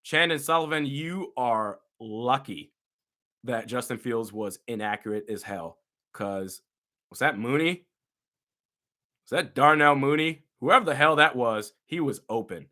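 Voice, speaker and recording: A young man giving live reaction commentary on a football game as a fan, animated and exasperated, with loud outbursts. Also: medium pitch, normal speed.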